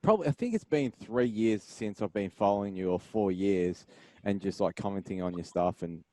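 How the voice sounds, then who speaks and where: A man's voice: fairly low pitch, lively intonation, moderate pace, darkish tone, dry recording. A man hosting a podcast, asking long, enthusiastic, rambling questions in a casual chat. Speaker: podcast host.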